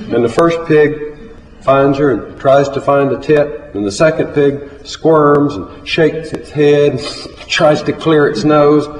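Man, live storyteller, plainspoken, slow delivery, echoey hall. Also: medium pitch, a little mellow, slight background noise. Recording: echoey hall, faint ambience.

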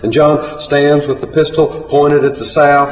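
A man telling a story live on a stage in a large hall, measured and unhurried, rising to loud urgency at the tense parts. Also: on the high side, level tone. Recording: echoey hall with faint ambience.

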